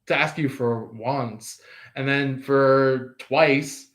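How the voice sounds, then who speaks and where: A man's voice: mid-range voice, steady tone, very slow, fairly bright tone. A man giving a casual tarot reading, rambling with many fillers and restarts. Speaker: tarot reader.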